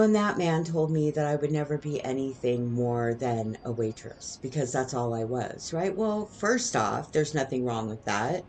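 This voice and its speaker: A woman's voice: very deep voice, slight background noise. Rambling middle-aged woman telling stories. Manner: rambling, digressive, lots of "right?" tags. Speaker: vlogger. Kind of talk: casual storytelling monologue.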